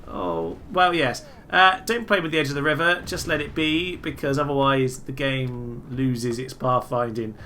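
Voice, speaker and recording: A young man giving casual, jokey commentary over a strategy game, breaking into loud excited exclamations. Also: mid-range voice, normal speed, hardly any pauses, slight background noise. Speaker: gaming video host.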